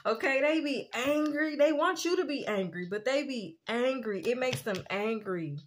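A woman giving a casual spiritual tarot reading, chatty and quick to laugh, often asking "you know what I'm saying". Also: a little high, expressive. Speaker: tarot reader.

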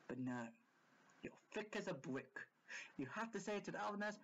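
A man's voice: sits high, moderate pace, highs cut off, slight background noise. A man hosting a reaction video who rambles and sounds exasperated, with jumpy restarts. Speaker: reaction channel host. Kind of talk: reaction commentary.

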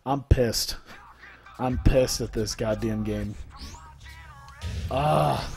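A man's voice: mid-range voice, extremely slow, vocal fry, long pauses, a little mellow, soft background music. Profane, exasperated male game streamer. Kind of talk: live gameplay commentary.

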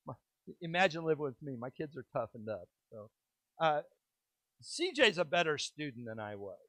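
A middle-aged man preaching a sermon as pastor, stressing key words with slow stretched phrases and pauses, then slipping into quick, self-mocking asides. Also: mid-range voice, animated, fairly bright tone, no room sound. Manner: drops into quick asides and self-deprecating humor.

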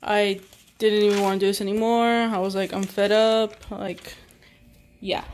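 A woman's voice: medium pitch, flat delivery, unhurried, a little mellow, slight background noise. A young adult woman vlogging in a casual, rambling way, exasperated and full of "like". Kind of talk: casual vlog chat.

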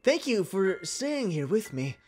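A man's voice: high-pitched, sing-song, a little slow, darkish tone, slight background noise. A man reading out game dialogue as a clingy, lonely, lovesick character, pleading and melodramatic. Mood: sad farewell.

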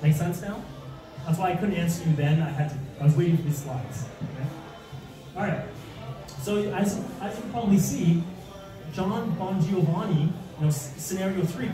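A man giving an animated real estate seminar with slides, asking the audience rhetorical questions and acting out mock panic. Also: sits high, moderate pace, music in the background. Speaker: real estate investing speaker. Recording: echoey room, distant mic, audience.

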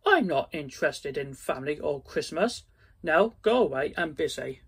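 Scrooge, a shrill grumpy old miser read by a man. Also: lively intonation, moderate pace, fairly bright tone, husky, heavily acted.

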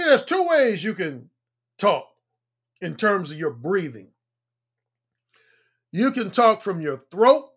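A man's voice: high-pitched, a bit bright. A man who works as a dating coach, talking through a livestream in a conversational, explanatory way, repeating points for emphasis. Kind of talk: livestream monologue.

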